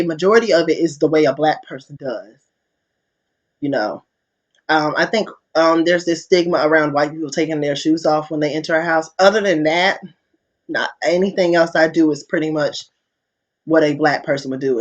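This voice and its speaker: A man talking casually to his viewers in a candid, profane, storytelling way. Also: a little high. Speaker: vlogger. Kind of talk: casual opinion monologue. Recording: dull lo-fi recording.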